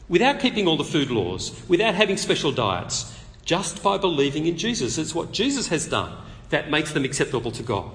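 Man preaching in an echoing hall. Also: on the high side. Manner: conversational, animated, with light humor. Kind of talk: expository sermon at a public meeting. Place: meeting hall. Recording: long reverb of a meeting hall.

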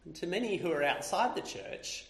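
A man's voice: high voice, lively intonation, normal speed, vocal fry, fairly bright tone. A man preaching a sermon, building his points in lists that grow more intense. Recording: roomy echo.

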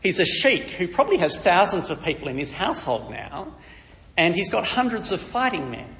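A man's voice: high-pitched, big pitch swings, moderate pace, fairly bright tone, big-room sound. A man preaching, teaching a Bible story in a conversational way with wry asides.

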